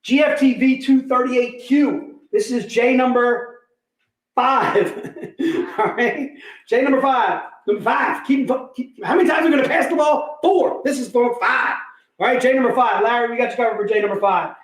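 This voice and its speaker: A man hosting a live comic book sale, pitching deals in energetic, repetitive, joking hype talk. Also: measured pace. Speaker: host selling comic books. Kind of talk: live online sales pitch. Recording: echoey room.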